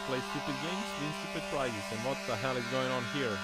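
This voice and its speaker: A man's voice: mid-range voice, a little slow, over loud music. Mocking man. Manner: mocking, laughs often, sudden loud exclamations. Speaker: dashcam compilation commentator. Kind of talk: casual commentary over clips.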